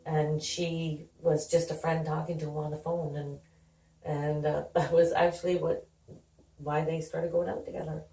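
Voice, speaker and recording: Telling candid family stories as a guest, this middle-aged mother speaks at normal speed with a low, warm, level voice. She keeps it conversational and acts out dialogue, though the recording sounds roomy and far from the microphone.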